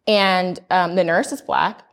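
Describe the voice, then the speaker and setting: A young woman from the United States recounts a personal story in candid conversation. She is earnest and animated. Her voice sits a little low for a woman. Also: takes it slowly. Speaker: panel guest sharing a birth story. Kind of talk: candid casual chat.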